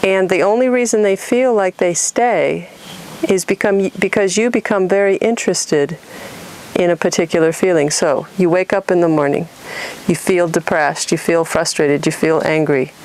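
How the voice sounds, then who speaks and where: A woman's voice: fairly low pitch, normal speed, darkish tone, slight background noise. A middle-aged woman from California giving an earnest spiritual talk, acting out inner voices and asking rhetorical questions. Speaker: spiritual teacher.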